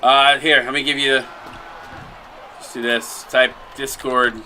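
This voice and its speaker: Man, live-stream commentary, sharp bright voice, quick jokes, loud shot calls. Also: medium pitch, some chatter behind, a little hiss or hum, rough recording. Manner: chatty, jokey, breaks into excited shot calls. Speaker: play-by-play commentator and stream host.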